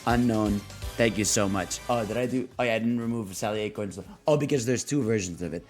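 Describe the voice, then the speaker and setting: Soft background music sits under a young man's mid-range voice as he talks at normal speed on a live stream. He goes through chat prompts with loose, slangy, laughing chatter and does voices for anyone he quotes.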